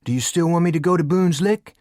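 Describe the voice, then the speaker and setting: A man's voice: fairly high pitch, fast talker, a little mellow, no room sound, clean studio sound, pitched above the performer's own voice, close to an everyday voice. A man doing a blunt frontier girl. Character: fast-running fourteen-year-old frontier girl, matter-of-fact.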